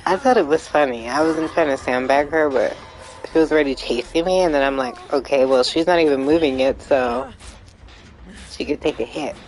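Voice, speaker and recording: A live streamer rambles casually through gameplay commentary, now and then swearing when frustrated. The mid-range voice moves at normal speed on a rough recording.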